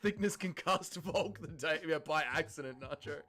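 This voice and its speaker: A young man, hosting a fight watch-along livestream, mocking and profane, swinging between disbelief and deadpan. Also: a little high, moderate pace, faint music behind. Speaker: livestream host.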